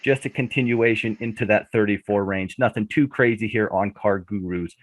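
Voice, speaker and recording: A man on a trading show presenting chart setups in a relaxed, step-by-step way with friendly banter. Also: fairly low pitch, normal speed, dry recording. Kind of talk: casual chart analysis chat.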